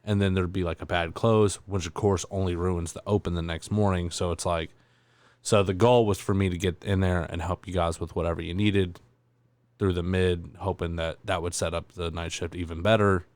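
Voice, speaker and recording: Man, podcast host, very low voice, hesitant rambling delivery, dry close sound. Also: little pitch movement, moderate pace, a little mellow, dry recording. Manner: rambling, hesitant, many fillers. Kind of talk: casual chat.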